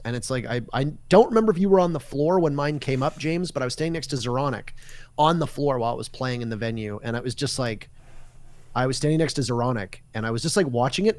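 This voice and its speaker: A man's voice: medium pitch, dry recording. A man, an esports caster, telling stories in casual podcast chat and acting out the dialogue. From Canada. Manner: lively storyteller who acts out quoted dialogue.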